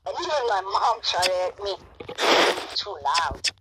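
Woman gaming w a friend, teasing, yelling sometimes, voice jumps up and down, really noisy mic. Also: mid-range voice, sing-song, a little slow. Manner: playful, teasing, bursts into shouts. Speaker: gamer. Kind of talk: casual gaming chat.

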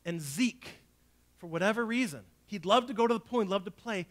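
A man preaching a sermon as pastor, telling a family story and swinging between hushed, low lines and loud, urgent ones. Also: lively intonation, a little fast.

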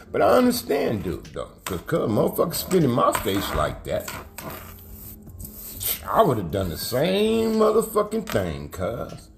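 A man's voice: a little high, huge pitch swings, measured pace, gravelly, soft background music. A middle-aged man, telling street stories in casual, profane, slang-heavy talk and acting out the quotes. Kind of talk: casual storytelling.

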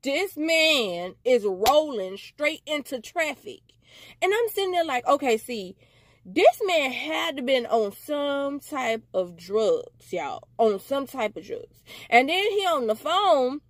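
A woman telling a casual storytime to camera, animated and slangy, talking straight to her viewers. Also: high-pitched, takes it slowly, no room sound. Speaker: storytime vlogger.

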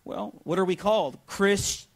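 An energetic man preaching from the pulpit, his voice sitting a little high for a man. He keeps pulling the congregation in with quick calls for an answer, in a church sanctuary. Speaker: pastor. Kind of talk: sermon.

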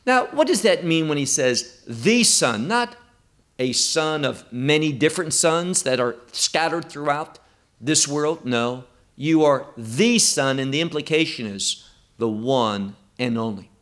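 A man teaching verse by verse through a Bible passage, emphatic and deliberate, with wide swings in pitch. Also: expressive, a bit bright.

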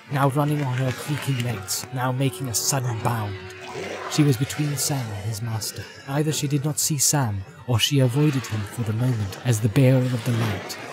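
A man reading a fantasy story aloud in a measured, dramatic narration style. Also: medium pitch. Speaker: audiobook narrator. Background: music.

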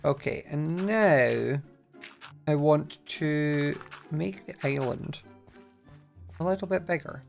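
A man giving chatty, excitable gameplay commentary as he plays, often laughing. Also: fairly high pitch, takes it slowly, creaky, long pauses, soft background music. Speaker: Minecraft video creator.

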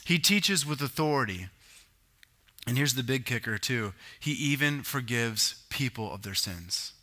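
A man's voice: medium pitch, lively intonation, unhurried, pushed and bright. A man preaching a sermon as pastor, teaching in a conversational way with asides and self-corrections.

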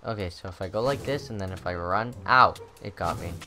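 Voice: low-pitched, fairly quick, music in the background. A gamer giving let's-play commentary on a maze map, muttering to themselves and breaking into panicked shrieks. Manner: excitable, swings from muttering to shrieking.

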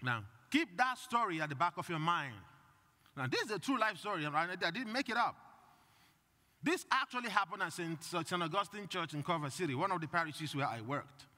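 A man's voice: high-pitched, expressive, a little fast, sharp tone. A male priest giving a conversational sermon and putting questions to the congregation. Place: church. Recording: long reverb in a church.

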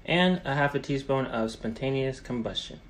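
A man's voice: medium pitch, normal speed, noisy background. A man hyping up a hot sauce challenge, announcing each item in turn. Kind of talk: food challenge video.

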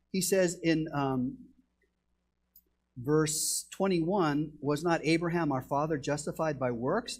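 A middle-aged man preaching a sermon as pastor, telling stories with bursts of shouted excitement. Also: sits high, breathy edge. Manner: animated storytelling, shouting when excited.

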